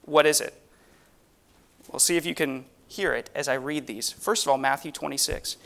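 A man's voice: on the high side, moderate pace, gravelly, fairly bright tone. A man preaching a sermon on the Lord's Supper, earnest and emphatic, asking the congregation rhetorical questions.

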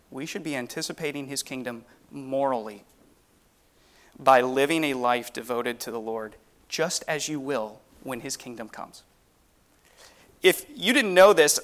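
A man's voice: medium pitch, normal speed, fairly bright tone. A man preaching a sermon on the Lord's Supper, earnest and emphatic, asking the congregation rhetorical questions.

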